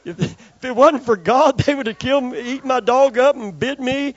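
A man's voice: very high voice, moderate pace. An older male preacher telling a homespun story in his sermon and calling for amens from the congregation. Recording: slightly dull, dry recording.

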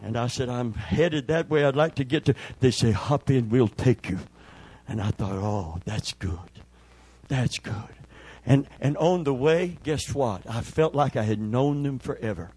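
An older man preaching a sermon as pastor, emphatic and calling for amens, with a husky voice. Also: mid-range voice, normal speed, darkish tone, dry recording. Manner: emphatic preaching with call-and-response.

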